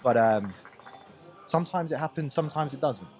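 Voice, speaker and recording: A man's voice: fairly high pitch, lively intonation, normal speed, soft background music. A young man co-hosting a casual podcast chat, rambling and repeating words in an upbeat way. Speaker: podcast co-host.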